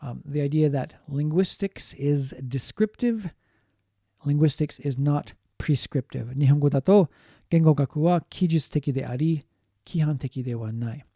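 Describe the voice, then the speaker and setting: Male lecturer, mellow tone, patient and repetitive delivery, dry close sound. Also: fairly high pitch, gravelly, no room sound. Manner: explains slowly, repeating points and adding Japanese glosses. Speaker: linguistics teacher. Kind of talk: online lecture.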